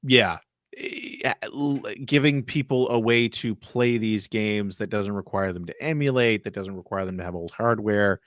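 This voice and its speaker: A man's voice: fairly low pitch, unhurried, fairly bright tone, no echo, studio quality. A man co-hosting a podcast, chatting casually with teasing remarks and frequent stammered restarts. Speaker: podcast co-host. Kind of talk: casual chat.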